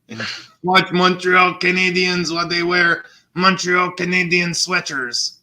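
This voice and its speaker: A man's voice: high-pitched, little pitch movement, a little slow, sharp tone. A man hosting a live stream, chatting casually in a rambling way and swearing a lot. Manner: rambling, swears a lot, slips into mock voices. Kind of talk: casual profane stream chat.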